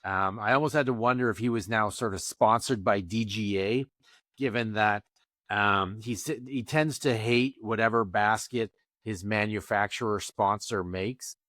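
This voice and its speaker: A man co-hosting a casual podcast, rambling and animated with lots of restarts and fillers. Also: on the low side, moderate pace, dry recording, studio quality. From Canada. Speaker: podcast co-host. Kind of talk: casual chat.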